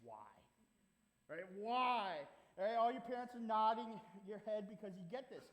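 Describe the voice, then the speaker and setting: A man's voice: high voice, lively intonation, a little slow. A man preaching a sermon as pastor, playful and conversational, putting questions to the congregation in a church sanctuary. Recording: live hall reverb.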